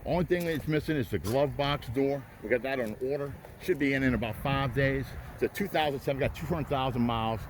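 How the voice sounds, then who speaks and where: A man's voice: mid-range voice, fairly quick, hardly any pauses. A man selling used cars on an outdoor lot, talking folksy and hyping his deals to viewers as he walks from car to car. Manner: folksy, hypes deals, repeats "riding out" and "folks". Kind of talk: walk-around car sales pitch. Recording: faint outdoor noise.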